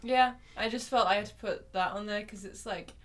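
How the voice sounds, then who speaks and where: A young woman speaking at a middle pitch in loose, casual podcast chat. She teases her co-host and laughs easily. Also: normal speed. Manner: teasing, laughs often.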